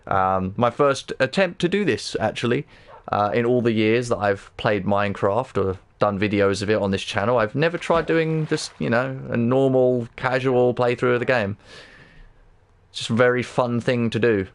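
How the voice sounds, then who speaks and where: Excitable British man streaming a game. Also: medium pitch, normal speed, smooth. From Britain. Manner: excitable, swears often, stammers and restarts. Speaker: livestreamer. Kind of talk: casual gaming livestream chat.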